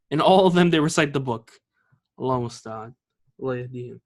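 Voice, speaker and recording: A man's voice: a little high, brisk. A man teaching a classroom grammar lesson, explaining patiently, checking in with the class and switching between two languages. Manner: explains patiently, checking with "okay?" and "all right?"; switches between English and Arabic. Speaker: Arabic teacher.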